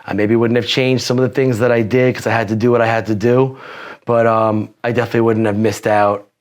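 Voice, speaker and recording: A man's voice: medium pitch, little pitch movement, a little fast. A man in his forties, a podcast guest telling personal stories in a rambling, profane way with many restarts. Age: 40s. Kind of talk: casual interview storytelling.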